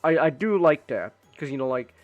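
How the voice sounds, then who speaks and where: A man's voice: fairly high pitch, animated, fairly quick, phone-quality sound, faint music behind. A man streaming casually while drawing, rambling with lots of restarts and swearing.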